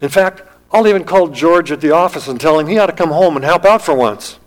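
A man's voice: on the high side, lively intonation, fairly quick, voice pushed up, lightly acted, poor audio. A man voicing a kindly older woman on the phone in a sermon story, speaking in a soothing, reassuring way.

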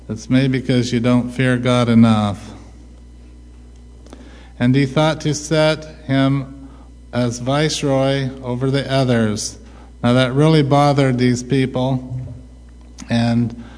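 A man preaches a sermon, posing rhetorical questions and answering them himself in a slow, deliberate delivery. His voice is medium-pitched and darkish, with long hall reverb on the recording.

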